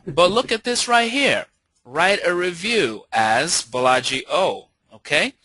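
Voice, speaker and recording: A man hosting a webinar, walking listeners through a software demo in an upbeat way and checking in with them often. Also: high voice, very animated, measured pace, dry recording, rough recording. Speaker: webinar host. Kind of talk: live software demo walkthrough.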